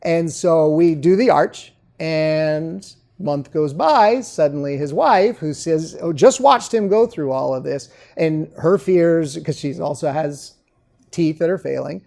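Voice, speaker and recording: A dentist being interviewed, telling patient stories in a casual way and often checking in with "okay?". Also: male voice, fairly high pitch, unhurried, vocal fry, darkish tone. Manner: storytelling, keeps adding "okay?". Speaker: dentist guest. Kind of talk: conversational interview.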